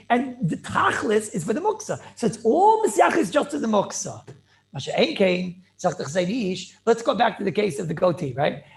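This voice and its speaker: Excited rabbi teaching over a call. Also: male voice, very high voice, gravelly. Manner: rapid, excited, repeats words and asks rhetorical questions. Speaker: rabbi teaching a Talmud class. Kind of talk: animated yeshiva-style lecture. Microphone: video call.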